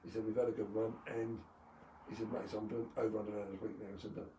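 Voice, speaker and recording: A man's voice: fairly low pitch, level tone, fast talker, warm tone. A man, a former motocross champion, telling rambling anecdotes full of fillers and chuckles on a live video call. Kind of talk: casual storytelling. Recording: echoey room, distant mic, faint noise.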